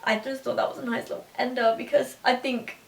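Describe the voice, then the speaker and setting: A woman chats on a podcast, giggly and rambling, in a fairly high voice. She sits a little back from the mic. The room rings with echo. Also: flat delivery, a little fast, vocal fry. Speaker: podcast co-host. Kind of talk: casual chat. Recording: echoey room, distant mic.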